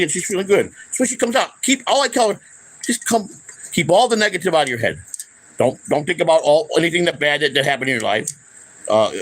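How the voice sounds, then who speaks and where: A man's voice: medium pitch, a bit bright, rough recording. An older man, the host of his own channel, ranting heatedly to camera with lots of swearing and repeated restarts. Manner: heated, profane, confrontational; repeats himself, trails off into restarts. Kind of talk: unscripted angry rant to camera.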